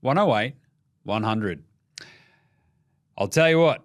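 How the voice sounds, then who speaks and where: Lively, rowdy Australian sports podcaster man. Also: mid-range voice, takes it slowly, pauses often. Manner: rowdy, sweary, jokey, does silly voices. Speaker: podcast host. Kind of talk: casual sports chat.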